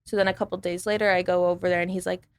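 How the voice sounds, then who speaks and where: A woman guest on a podcast, casually telling a dating story in an animated way, acting out what others said and using lots of "like". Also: on the low side, very fast, smooth.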